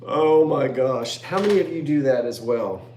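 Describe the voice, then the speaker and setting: A man's voice: mid-range voice, animated, moderate pace, darkish tone, reverberant, a little hiss or hum. A man in his fifties hosting a live online antique sale, rambling and joking as he reads out viewers' comments. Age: 50s. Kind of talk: chatty live-stream sales talk.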